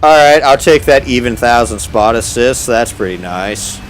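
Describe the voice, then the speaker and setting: A man's voice: mid-range voice, expressive, moderate pace, slight background noise, poor audio. Laid-back man streaming a tank game. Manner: laid-back, sarcastic, swears casually. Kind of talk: casual gameplay commentary.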